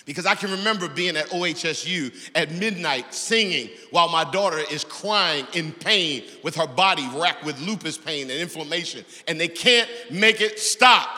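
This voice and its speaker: Bright-voiced man preaching in a hall. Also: on the high side. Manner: swings from loud animated exhortation to hushed storytelling. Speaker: pastor. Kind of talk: sermon. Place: church auditorium. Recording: long reverb of a large hall.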